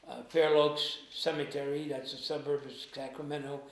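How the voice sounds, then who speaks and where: A man being interviewed, recounting past events in a halting way, often trailing off quietly. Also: fairly high pitch, flat delivery. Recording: echoey room with faint noise.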